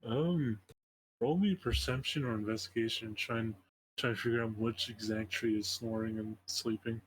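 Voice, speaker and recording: A man's voice: lowish voice, steady tone, moderate pace, slight background noise, poor audio. A man running a tabletop game as game master, narrating in a hesitant way, often restarting his phrases.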